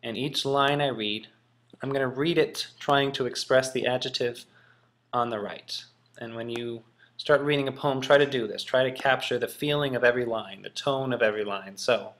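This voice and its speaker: A man's voice: mid-range voice, moderate pace, fairly bright tone. A man teaching in a casual, musing way, thinking aloud with frequent ums. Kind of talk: casual classroom explanation.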